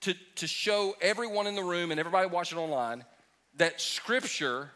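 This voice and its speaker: A male pastor with a high-pitched, bright, forceful voice leads a question-and-answer sermon in a church sanctuary at normal speed. His preaching is conversational and emphatic, with jokes and asides.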